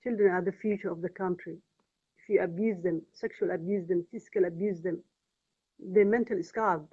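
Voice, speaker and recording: A woman from Somalia with a Somali accent and Somali as her first language, speaking English in an earnest, pleading, halting personal vlog testimony. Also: on the low side, fairly even intonation, breathy edge. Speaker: vlogger. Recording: tinny phone-like audio.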